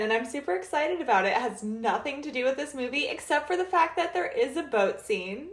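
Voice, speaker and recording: Late-20s woman, podcast co-host, giggly chatter, very lively pitch, somewhat high, echoey room. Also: fairly quick, hardly any pauses. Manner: lively, giggly, uses "like" a lot. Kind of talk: casual chat.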